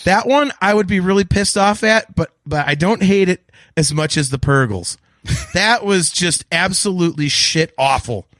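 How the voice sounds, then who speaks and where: A man co-hosting a casual podcast review, ranting loudly and swearing often. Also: sits high, expressive, normal speed, no echo, studio quality. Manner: profane shouting rants. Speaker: podcast co-host.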